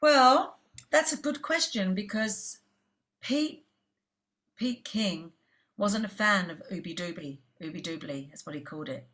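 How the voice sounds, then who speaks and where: A woman's voice: mid-range voice, a little slow, pauses often. A middle-aged woman from England, a jazz singer, telling stories in a casual interview and acting out the voices of people she quotes. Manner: animated storyteller who acts out quoted voices.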